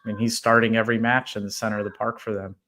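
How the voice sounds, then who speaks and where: A man makes measured, analytical points on a casual football podcast. His voice sits a little low. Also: level tone, pushed and bright. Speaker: podcast co-host.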